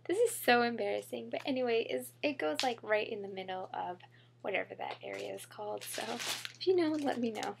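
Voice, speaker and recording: A woman's voice: fairly high pitch, lively intonation, a little fast, vocal fry, noisy background. A young woman chatting casually to camera in a haul vlog, bubbly and chatty, full of fillers and gushing about how cute things are. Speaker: beauty vlogger.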